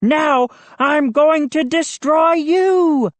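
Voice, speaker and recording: A big, boisterous schoolboy with a lot of wild energy, bellowing his boasts in a high, stretched-out shout, as a woman reader puts him on. He sounds like a loud storybook bully. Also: drawn-out words, dry recording. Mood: menacing.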